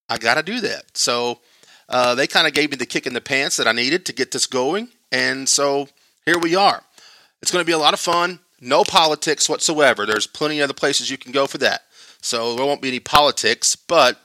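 Guy hosting a solo podcast, casual and rambling, mid pitch, crisp dry close-mic sound. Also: sharp tone, no echo. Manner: rambling, loose and self-deprecating with many fillers. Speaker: podcast host.

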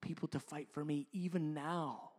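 High-voiced pastor preaching with fervor. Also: male voice, steady tone. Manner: swings from loud emphatic preaching to hushed near-whispers; slow, drawn-out stresses on key words. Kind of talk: sermon.

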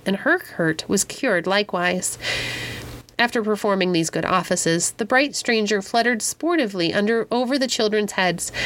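A woman narrating a classic children's story in a gentle, expressive reading voice. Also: mid-range voice. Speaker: audiobook narrator.

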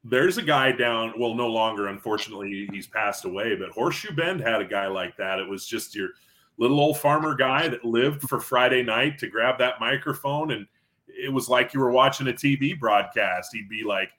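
Bright-voiced man telling sports stories. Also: mid-range voice, moderate pace. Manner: animated storyteller who acts out quotes. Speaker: podcast co-host covering high school football. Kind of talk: casual sports podcast chat.

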